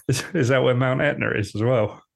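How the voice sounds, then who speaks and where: A man co-hosting a podcast in casual chat, rambling, repeating himself and quick to joke. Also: medium pitch, creaky. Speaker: podcast co-host.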